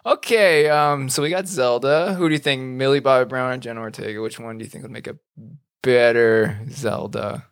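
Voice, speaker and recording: A man's voice: mid-range voice, moderate pace, smooth, dry recording, clean studio sound. A man in casual chat as a podcast co-host, laid-back and jokey, swearing freely.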